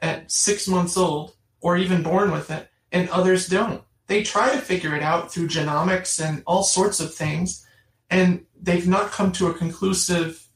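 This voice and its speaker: A middle-aged woman telling her personal story in an interview, earnest and emphatic, repeating phrases for stress. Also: lowish voice. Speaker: guest. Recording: roomy, distant mic.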